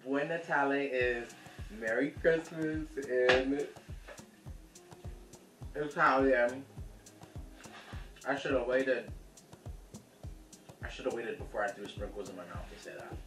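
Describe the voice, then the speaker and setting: A sassy, chatty man hosts a casual cooking vlog in a mid-range voice, calling his viewers honey. He sounds a little away from the camera mic in a roomy home kitchen. Music plays clearly in the background. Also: mid-range voice, takes it slowly, pauses often, fairly bright tone, far from the mic. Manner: sassy, calls viewers honey, laughs easily.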